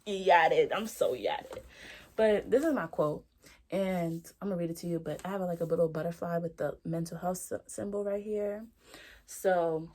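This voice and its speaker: A young woman with a slightly low-pitched voice talks into a close camera, sharing a candid video diary. Her speech is loose and slangy, full of fillers and asides as she reflects out loud. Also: moderate pace. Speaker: vlogger.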